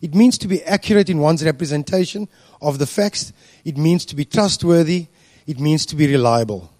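A man giving a sermon, speaking deliberately with frequent fillers and restarts. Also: a little high, darkish tone, dry recording. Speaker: preacher.

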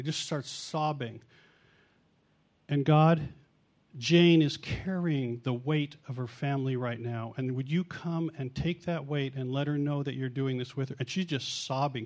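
A man's voice: medium pitch, a little mellow. A middle-aged man preaching in a chatty storytelling way, mocking himself and acting out the quotes. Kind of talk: storytelling sermon.

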